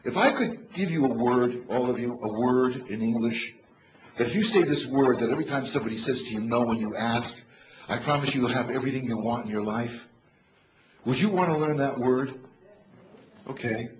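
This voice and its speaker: An older man giving a funny motivational talk on stage to a live audience, animated and storytelling. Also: mid-range voice, normal speed. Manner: animated storyteller, bursts into shouts to rouse the crowd. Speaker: motivational comedian. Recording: echoey, dull live hall recording with noise.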